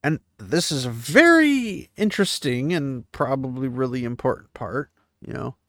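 A book series recap host runs through a chapter casually, paraphrasing the story and dropping in offhand asides as he goes. His voice is medium in pitch with lively intonation, delivered at a moderate pace. The recording is clean studio sound with no room noise.

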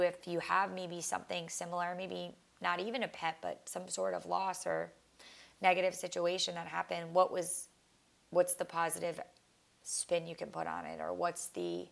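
Low gravelly young woman. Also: a bit bright. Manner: casual, heartfelt, rambling with frequent restarts and fillers. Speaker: podcast host. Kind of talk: reflective solo podcast monologue.

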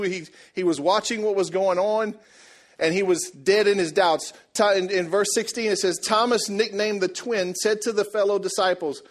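A man preaching a sermon, telling the story in a lively, joking way and acting out the people in it. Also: high voice. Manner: animated, jokey storytelling, acts out voices. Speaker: pastor.

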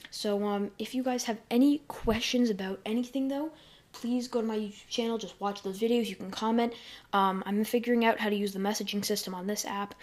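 A woman's voice: mid-range voice, steady tone, brisk, darkish tone. A woman hosting a casual solo podcast from her bedroom on a desk mic, rambling along with lots of fillers and self-corrections. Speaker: podcast host.

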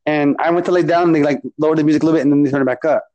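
Man, chatty podcast guest, fairly high voice, laughs a lot, repeats words. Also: steady tone, rapid-fire, darkish tone, dull audio. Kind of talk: casual chat.

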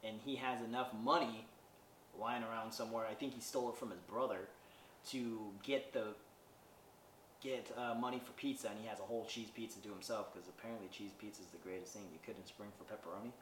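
A man reviewing a movie on his podcast recaps it casually, wandering through fillers and wry asides. His voice is on the low side, brisk and fairly bright, with fairly even intonation. The sound is roomy and distant from the mic, with faint background noise.

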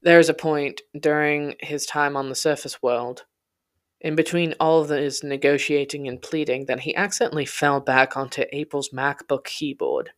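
A podcast narrator telling a personal story in the first person, in a quiet, intense, confessional way. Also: medium pitch, steady tone, moderate pace.

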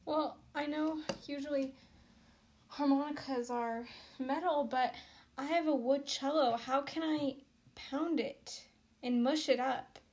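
A woman's voice: high voice, fairly even intonation, slow, darkish tone. A woman co-hosting a comedy sketch interview, asking plain, curious questions. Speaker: podcast co-host.

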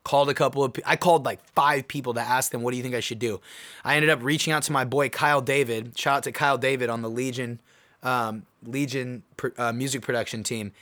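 A young man hosting his own podcast, telling a personal story in an animated, excitable way. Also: mid-range voice, fast. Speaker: podcast host. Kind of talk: casual solo podcast monologue.

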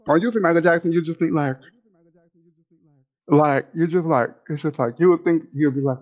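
A male podcast co-host in casual chat, talking in an animated, excitable way, repeating himself and often breaking into high laughter. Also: a little fast, muffled recording.

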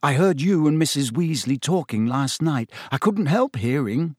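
A man's voice: a little high, animated, normal speed, darkish tone, breathy edge, no echo. A man voicing a sincere teenage boy wizard who reassures earnestly in a storybook reading.

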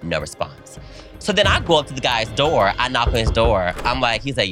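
A young man co-hosting a podcast, telling a story in an animated, dramatic way and jumping up in pitch when he quotes people. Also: a little fast, soft background music. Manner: animated, dramatic retelling with big pitch jumps when quoting. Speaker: podcast co-host. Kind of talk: casual storytelling chat.

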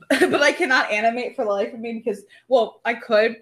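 High bright giggly young woman. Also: moderate pace. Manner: giggly, flustered, laughs often. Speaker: podcast co-host. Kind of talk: casual podcast chat.

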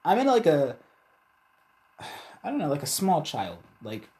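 Animated, swearing man in casual chat. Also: on the high side, measured pace. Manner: animated, profane, rambling storyteller.

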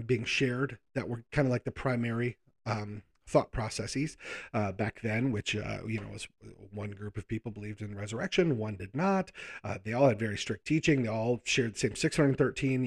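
A man's voice: mid-range voice, creaky, breathy edge. A man preaching a sermon in a conversational way, reading scripture aloud and explaining it in plain words.

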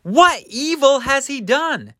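A man voicing an exasperated Roman governor who pleads with a crowd in a strained, high voice. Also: lively intonation, slow pace, fairly bright tone, no echo, studio quality, full character voice. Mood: exasperated pleading.

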